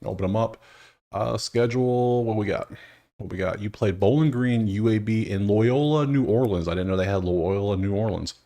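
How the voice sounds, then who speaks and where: Casual male betting host, lowish voice, half-muttered running commentary with dry exasperation. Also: normal speed, mellow. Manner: muttering to himself, chatty, wry and exasperated asides. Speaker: sports betting video host. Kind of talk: casual solo commentary over stats.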